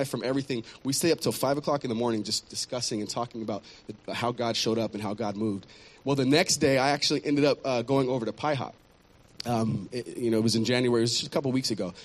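A man giving an earnest personal testimony in church, often restarting and repeating words. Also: mid-range voice.

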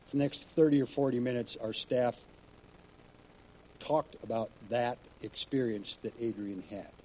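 A man's voice: medium pitch, measured pace, a little mellow, a little hiss or hum, poor audio. A male pastor preaching in a conversational, storytelling way. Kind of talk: sermon.

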